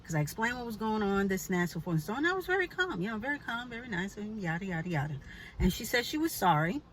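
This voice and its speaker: A woman's voice: medium pitch, expressive, quick pace, a little hiss or hum, rough recording. A woman telling a personal story in a chatty, emphatic way, with pointed asides to the listener. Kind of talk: casual storytelling vlog.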